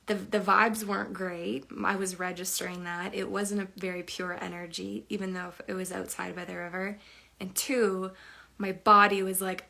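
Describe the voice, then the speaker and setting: A woman's voice: mid-range voice, flat delivery, moderate pace, gravelly, bright, forceful tone. A young woman sharing a personal story in a chatty, emotional way, full of fillers. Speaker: spiritual teacher.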